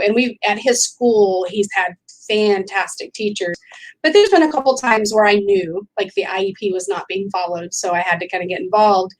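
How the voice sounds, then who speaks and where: A woman's voice: mid-range voice, rough recording. A woman, a mother and teacher, explaining earnestly in a casual video chat.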